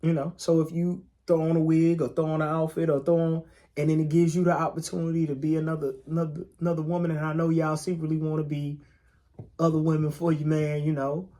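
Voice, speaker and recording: A man's voice: a little high, flat delivery, quick pace, warm tone. A man co-hosting a podcast in casual chat, laid-back and emphatic, swearing freely and repeating phrases to drive a point home. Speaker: podcast co-host.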